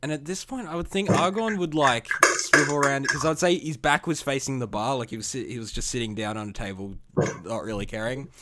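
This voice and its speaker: A man's voice: medium pitch, fairly quick, a bit bright, slight background noise. A man playing a tabletop game, chatty and loose, often laughing. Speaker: player. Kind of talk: casual tabletop role-play.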